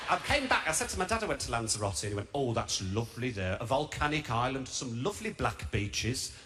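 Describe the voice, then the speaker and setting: Camp stand-up with a Birmingham accent. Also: male voice, sits high, pushed and bright. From England. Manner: camp, self-mocking, chatty. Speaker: stand-up comedian. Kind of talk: stand-up routine. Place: large theatre stage. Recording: live stage mic with heavy noise.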